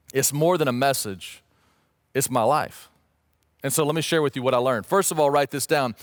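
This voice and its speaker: An earnest male pastor preaching a sermon in a fairly high voice. He is emphatic and builds into pleading questions. The sound is close and dry. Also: dry recording. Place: church stage or studio, streamed online.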